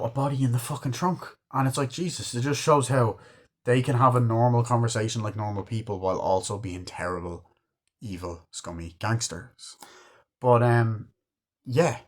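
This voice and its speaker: A man casually reviewing a film he loves, rambling enthusiastically with lots of swearing. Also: mid-range voice. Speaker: movie reviewer.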